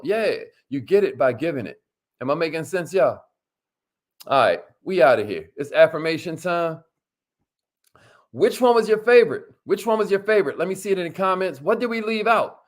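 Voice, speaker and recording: A man's voice: fairly high pitch, big pitch swings, normal speed. A man hosting a motivational talk, speaking casually, calling his viewers y'all and leading them through affirmations. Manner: casual, repeats words, addresses viewers as y'all; leads call-and-response affirmations. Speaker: host.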